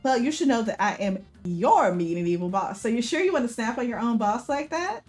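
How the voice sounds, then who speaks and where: Woman voicing a flirty male boss, teasing, lively sing-song lines. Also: on the high side, brisk, faint music behind, lightly acted. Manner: teasing, playful.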